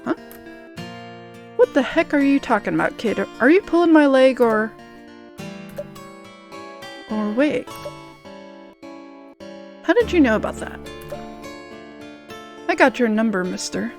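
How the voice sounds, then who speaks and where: A blustery, slightly tipsy train conductor who brushes off a group of kids and trips over his own words, as a woman reads him out. He talks slowly over soft guitar music from the game. The voice sits a touch high for the part. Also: lively intonation, exaggerated voice. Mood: baffled. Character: gruff middle-aged male train conductor, tipsy and defensive. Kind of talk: reading game dialogue aloud.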